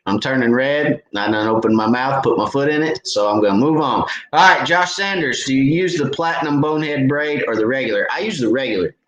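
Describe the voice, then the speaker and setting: Answering questions on his fishing live stream, a middle-aged host talks a little fast with few pauses, his medium-pitched voice animated and a bit bright. The audio is dull and echoey with faint background noise, and his easygoing chat is sprinkled with "uh" fillers.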